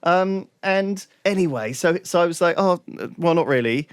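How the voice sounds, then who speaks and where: A man's voice: a little high, animated, normal speed, smooth, no room sound, clean studio sound. A young man, a podcast co-host, telling a story in a rambling way full of "like" and restarts. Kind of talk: casual podcast chat.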